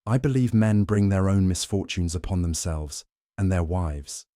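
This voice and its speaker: A man's voice: sits low, moderate pace, warm tone, no room sound, lightly acted. A man voices a stern older housekeeper woman in an audiobook mystery. She speaks tersely and stiffly. The sound is close and dry.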